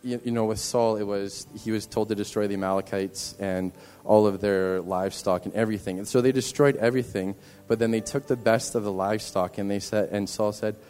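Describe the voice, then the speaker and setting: A man's voice: lowish voice, fairly even intonation, fairly quick, hardly any pauses, darkish tone, in a large hall, faint music behind. A man in a church giving an earnest, rambling personal testimony to the congregation, often restarting his sentences. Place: church hall.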